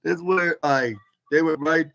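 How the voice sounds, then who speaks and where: A podcast host recaps a wrestling show in a loose, rambling style, packed with filler like "like" and "this is where." His voice is a little high and creaky with a fairly bright tone, and he speaks at a normal speed.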